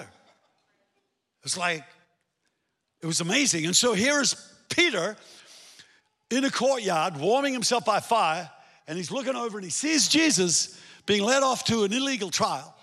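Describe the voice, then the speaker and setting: A male pastor preaching a sermon in an animated way, swinging between emphatic points and hushed storytelling. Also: high voice, normal speed, pauses often. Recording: long hall reverb.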